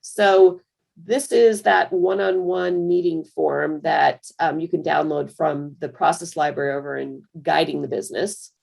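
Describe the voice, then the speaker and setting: A woman giving a conversational screen-share software tutorial for managers, full of fillers and restarts. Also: sits low, steady tone, unhurried, gravelly. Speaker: software trainer.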